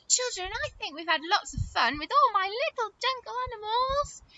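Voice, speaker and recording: A woman teaching a phonics lesson to young children, in a sing-song, encouraging manner with slow, exaggerated words. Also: sits high, pushed and bright, dull audio, a little hiss or hum.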